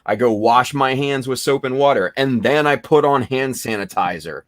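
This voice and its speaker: A man hosting a casual chat, talking in a rambling, halting way with many fillers. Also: mid-range voice, no room sound. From United States. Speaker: podcast host.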